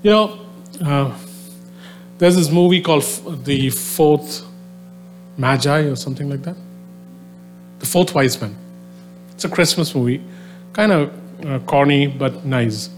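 A man's voice: fairly high pitch, a little slow, pauses often, faint music behind. A man preaching a sermon, telling a story conversationally with many fillers, then building into a fervent exhortation to his listeners. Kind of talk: sermon to a live audience. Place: venue with a soundboard.

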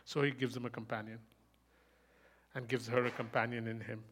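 A man preaching a sermon, fast and emphatic, asking rhetorical questions and rising into loud bursts. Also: mid-range voice. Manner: speaks fast.

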